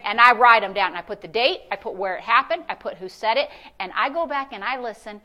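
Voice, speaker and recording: Woman, pastor, sermon, high bright voice, animated storytelling, emphatic repetitions. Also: fast. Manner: animated storytelling, acts out quoted voices, builds to emphatic declarations. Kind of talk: sermon with personal testimony. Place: church sanctuary.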